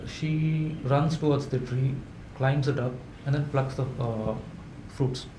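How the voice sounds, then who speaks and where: A man, telling folk tales to a live audience in a halting way, with many fillers and restarts. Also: mid-range voice, fairly even intonation. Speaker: storyteller. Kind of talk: live folklore storytelling. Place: event hall indoors. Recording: echoey room with faint hum.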